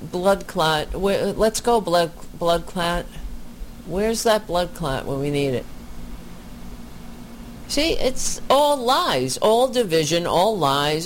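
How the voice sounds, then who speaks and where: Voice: mid-range voice, a little hiss or hum. A commentator reacting to a clip with indignant, sarcastic remarks.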